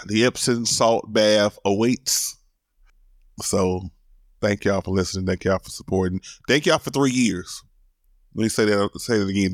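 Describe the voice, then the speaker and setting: Clean studio sound without echo carries this middle-aged man's low voice as he hosts a solo podcast. He talks candidly and with emotion, swearing casually and repeating words to build his point.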